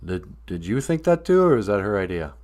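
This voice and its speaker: A man's voice: on the low side, big pitch swings, fairly quick, a little mellow. A man hosting a live stream, rambling casually, joking and laughing often. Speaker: host.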